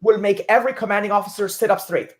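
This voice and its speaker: A woman co-hosting a casual sports talk show, measured and analytical, drawing comparisons to the military. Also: mid-range voice, steady tone, darkish tone. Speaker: co-host.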